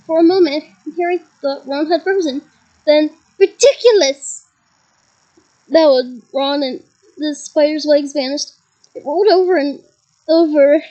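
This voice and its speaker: A woman reads a novel aloud to her listeners with a lively touch, chuckling now and then and adding side comments. Her voice sits high. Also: highs cut off. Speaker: reader.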